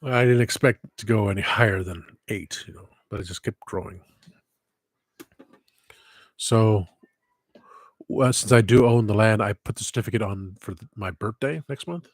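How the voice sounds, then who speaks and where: A man hosts a casual livestream over a headset mic, his fairly low voice moving at normal speed with long pauses, recorded dry. He meanders off topic, cuts himself off, and drops in wistful asides.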